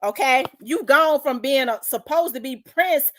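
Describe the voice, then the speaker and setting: Animated and a bit bright, this woman's high voice moves at an unhurried pace. The host, from South Memphis, Tennessee, speaks with a Memphis accent and launches into a profane, blunt, fired-up rant on her opinion vlog.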